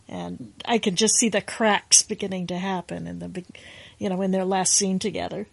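A woman voice actor on an interview panel, talking in a quick, wry, joking way. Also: mid-range voice, fairly even intonation, gravelly, breathy edge, dry recording.

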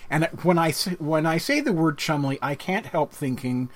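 Lively, playful male podcast host. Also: fairly high pitch, moderate pace, hardly any pauses, background noise. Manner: lively, laughs easily, playful self-mocking. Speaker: podcast co-host interviewing an author. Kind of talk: casual chat.

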